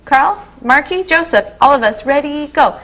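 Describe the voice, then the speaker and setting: A woman teaching a small group of kindergarteners to read words, giving brisk prompts and quick praise. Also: sits high, lively intonation, heavy background noise. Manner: encouraging, brisk, with frequent praise. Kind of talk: classroom instruction. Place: classroom.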